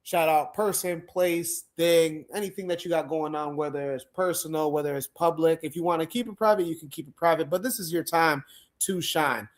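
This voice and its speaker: A man hosting a livestream panel chat, animated and laughing often, acting out quoted lines. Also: fairly high pitch, normal speed. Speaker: podcast host.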